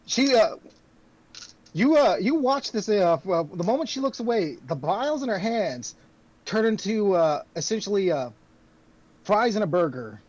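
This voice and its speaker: A man narrating as game master in a tabletop game, loose and halting with lots of fillers. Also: sits high, very animated, a little mellow, lo-fi sound.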